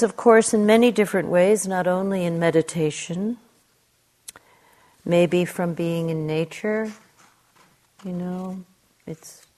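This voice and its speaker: Female meditation teacher, contemplative and unhurried, low-ish soft voice. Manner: slow, soft-spoken, contemplative. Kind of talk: dharma talk and story reading.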